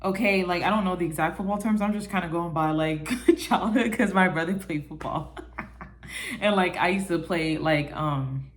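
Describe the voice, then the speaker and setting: A woman vlogger talking casually to her viewers about people who copy her, chatty and animated, often calling the listener baby and acting out what others say. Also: on the low side, normal speed. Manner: chatty, animated, quotes people in little voices. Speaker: vlogger giving life advice. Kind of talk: casual talk to camera.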